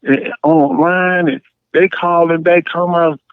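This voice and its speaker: Guy calling in over a tinny phone line, telling stories all worked up, kinda high voice. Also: moderate pace, clean tone, dry recording. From Champaign, Illinois area. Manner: animated storyteller, emphatic. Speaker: caller. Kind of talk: casual call-in chat.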